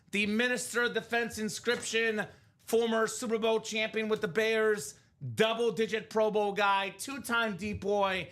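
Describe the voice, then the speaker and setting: A man with a high-pitched, pushed and bright voice hosts a live card break, chatting enthusiastically about football players and hits in upbeat stream commentary.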